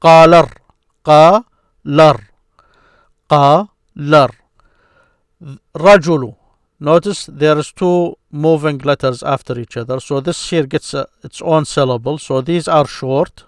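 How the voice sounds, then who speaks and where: A man teaching a beginners' grammar lesson, explaining patiently and repeating syllables slowly for his learners. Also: a little high, darkish tone, no echo, clean studio sound.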